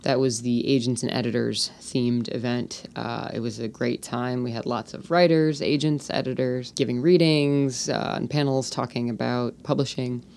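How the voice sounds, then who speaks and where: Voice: mid-range voice, fairly even intonation, moderate pace, vocal fry, hardly any pauses, darkish tone. A podcast co-host chatting informally, with some "uh" and "um". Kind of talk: casual chat.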